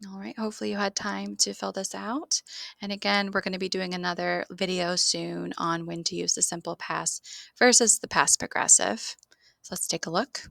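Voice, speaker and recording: Woman english teacher, lowish gravelly voice, dry close sound, spells stuff out slow. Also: no room sound. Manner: steady explaining, spells words letter by letter. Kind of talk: online grammar lesson.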